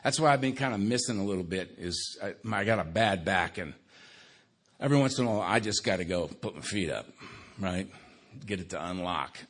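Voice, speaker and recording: Older man, wry dark-humored storyteller. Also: low-pitched, animated, fairly quick. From Los Angeles, USA. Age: 60s. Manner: wry, conversational storytelling with dark humor and frequent "right?" tags; drops to a quiet, subdued delivery for grave memories. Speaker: AA speaker. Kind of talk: recovery talk to a live audience.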